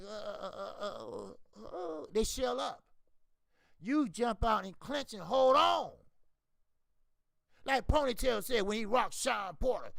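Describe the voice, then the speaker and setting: High and creaky, this man's voice carries a casual boxing talk stream full of profanity. As host, he's animated and responds to viewers by name, in a recording with no room sound.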